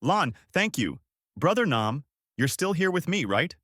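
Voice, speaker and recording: A man's voice: fairly high pitch, sing-song, a little slow, no echo, clean studio sound, voice pushed up, full character voice. A man voicing a fierce grieving young woman teacher. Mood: fervent. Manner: pleading, shouting through tears.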